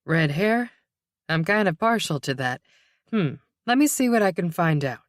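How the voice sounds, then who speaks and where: A woman voicing a calm, reassuring female police detective who barks orders in a crisis. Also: fairly low pitch, moderate pace, no echo, clean studio sound, lightly acted. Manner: calm and reassuring, sharp when shouting orders.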